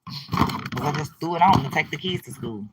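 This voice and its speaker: A woman's voice: low voice, expressive, moderate pace, background noise. Chatty woman hosting a livestream. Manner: chatty, informal, addresses viewers directly. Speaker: livestream host. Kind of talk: casual livestream chat.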